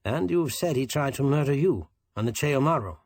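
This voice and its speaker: Grim, composed insurance man, husky voice, male narrator. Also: mid-range voice, lively intonation, a little fast, a little mellow, no echo, studio quality.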